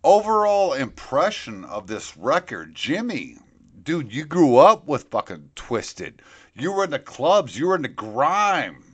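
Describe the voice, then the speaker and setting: Lively, bright-voiced swearing male host. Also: on the high side, unhurried, breathy edge, dull audio. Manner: crude, swearing, rowdy. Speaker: podcast host. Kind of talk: casual chat.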